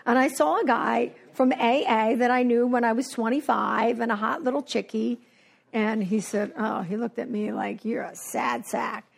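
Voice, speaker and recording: A woman sharing her recovery story at a meeting, animated and acting out the voices of people she quotes. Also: fairly high pitch, normal speed, creaky. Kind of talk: personal recovery share. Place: New Jersey.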